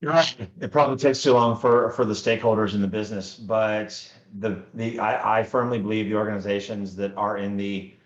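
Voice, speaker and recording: A man's voice: on the low side, fairly even intonation, fairly quick, hardly any pauses. A man co-hosting a casual podcast as a Scrum Master, talking earnestly and repeating words as he looks for them. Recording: dull lo-fi audio in an echoey room.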